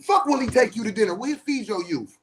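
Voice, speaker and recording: Aave-speaking counselor guy going off, cussing, passionate, gets loud. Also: high voice, animated, fast, a little hiss or hum. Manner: passionate, blunt, heavy swearing, rising to shouts. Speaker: spiritual teacher and counselor. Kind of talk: impassioned profane monologue.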